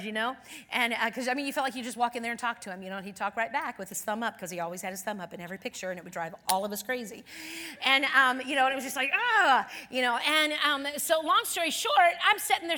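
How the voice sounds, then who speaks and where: Middle-aged woman guest minister, bright and fairly high, storytelling sermon with wide soft-to-loud swings, long hall reverb. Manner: storytelling, swings from soft near-whispers to loud excited outbursts. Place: church.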